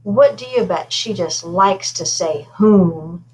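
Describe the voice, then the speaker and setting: A woman reading aloud, voicing a cheerful, determined mother who chats brightly with her daughter. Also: mid-range voice, animated, slow pace, poor audio. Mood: conspiratorial.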